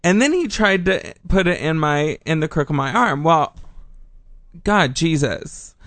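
Animated man telling a story. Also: on the high side, measured pace, no echo. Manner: animated, laughing, rambling. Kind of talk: casual storytelling chat.

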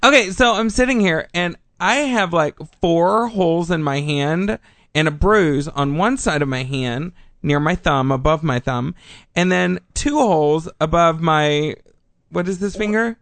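A man's voice: fairly high pitch, unhurried, fairly bright tone, no echo. A man chatting casually, telling a rambling story with frequent laughs.

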